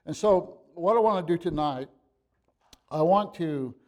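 A man's voice: fairly high pitch, a little slow, a little mellow. A man preaching an evening sermon, reading scripture aloud and then explaining it earnestly, with frequent fillers and restarts and sudden emphatic bursts.

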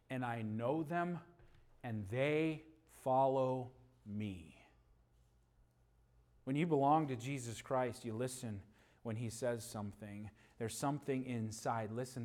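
A man preaching a sermon, moving between loud emphatic passages and quiet, low stretches, with homely stories about his dog and family.

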